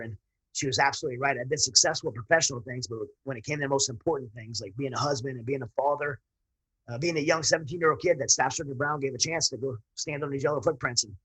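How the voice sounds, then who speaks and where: A man's voice: medium pitch, fairly bright tone, husky, poor audio. A man, a military veteran guest, telling his personal story in an earnest, rambling way with frequent restarts.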